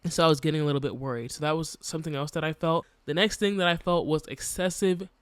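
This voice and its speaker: Young man, podcast host, reflective, casual, smooth resonant tone, slightly high pitch. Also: fairly even intonation, fast talker, dry recording. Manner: candid and reflective, many "like" fillers. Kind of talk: personal podcast monologue.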